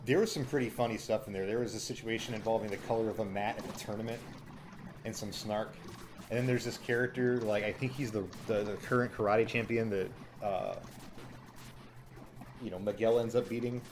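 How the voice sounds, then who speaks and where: A man casually reviewing a show, chatty and cynical, with frequent fillers, breaking into quick impressions of lines he quotes. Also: on the low side.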